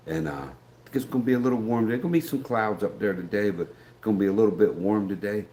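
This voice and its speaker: A man's voice: lowish voice, fast, warm tone, slight background noise. A middle-aged American man hosting a casual morning live stream, folksy and rambling, greeting viewers by name. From United States. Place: outdoors, filming on a gimbal. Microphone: handheld camera on a gimbal.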